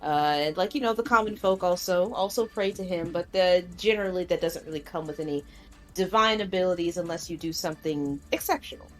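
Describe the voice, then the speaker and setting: A woman's voice: on the low side, fairly quick, faint music behind. A woman playing a tabletop game, speaking in character as a paladin, with many fillers and restarts. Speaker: tabletop player. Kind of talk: in-character role-play chat.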